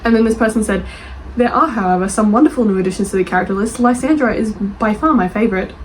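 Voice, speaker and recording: A young woman reading book reviews aloud and reacting with animated, defensive chat. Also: mid-range voice, fast talker, a little hiss or hum, rough recording. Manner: animated, gushing, defensive, laughs often.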